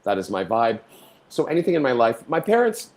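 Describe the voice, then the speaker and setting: In this storytelling interview, the middle-aged performer from Canada speaks fairly quickly at medium pitch with big swings in his voice. He theatrically voices characters and sings lines as the guest.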